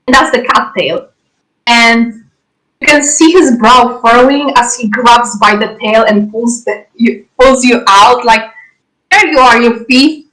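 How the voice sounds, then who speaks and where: A woman narrating a role-play scene as game master, casual and halting. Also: a little high, fairly bright tone, rough recording.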